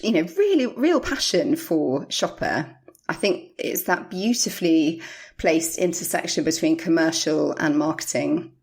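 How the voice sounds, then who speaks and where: A middle-aged woman, a podcast guest, candidly telling her career story with animated quoted voices. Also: lowish voice. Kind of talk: interview storytelling.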